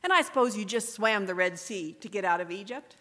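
A woman's voice: mid-range voice, expressive, a little fast, fairly bright tone, close to an everyday voice. A woman reading aloud as a weary, irritable male border soldier, questioning with dry skepticism. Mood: curt, sardonic. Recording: echoey room with long reverb.

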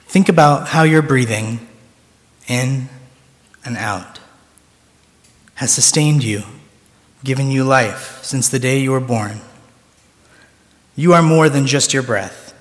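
A male preacher giving a sermon that leads a slow, soft guided breathing meditation. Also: medium pitch. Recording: long reverb of a large room.

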